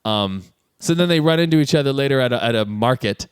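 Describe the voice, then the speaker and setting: A man's voice: mid-range voice, fast talker, clear, resonant tone, dry recording. A man co-hosting a podcast, chatting casually about a film and acting out its lines in playful voices. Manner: animated, acts out movie lines in character voices. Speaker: podcast co-host. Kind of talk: casual chat recapping a film.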